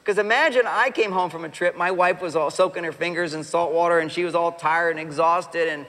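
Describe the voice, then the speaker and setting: A middle-aged man giving an animated, joking talk about relationships to a live audience, acting out quoted voices. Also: on the high side, fairly quick. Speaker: relationship speaker. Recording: long hall reverb.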